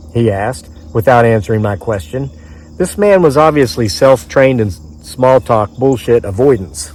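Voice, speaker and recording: Author-narrator, male, from the US mid-Atlantic, outdoors in the woods; dry, chatty storyteller with offhand asides, average pitch. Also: normal speed, a little mellow. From mid-Atlantic United States. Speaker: author reading his own story.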